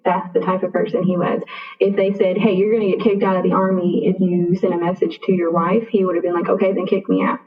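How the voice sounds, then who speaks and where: A young woman shares her own story as a podcast guest, earnest and full of replayed conversations. Her pitch stays narrow and even. She sounds thin and tinny, set back from the microphone. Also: fast. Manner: earnest, full of reported speech and "like". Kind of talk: personal storytelling. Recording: tinny phone-like sound, distant from mic.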